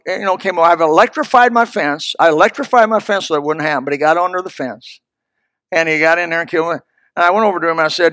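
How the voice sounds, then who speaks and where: A man's voice: sits high, racing, bright, forceful tone, dry recording, studio quality. A man pastor preaching a sermon in an emphatic, folksy, storytelling manner.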